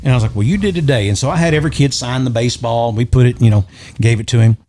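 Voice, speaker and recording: A middle-aged man tells a long story in casual podcast chat, animated and acting out the voices of the people he quotes. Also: mid-range voice, racing. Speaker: podcast guest or host.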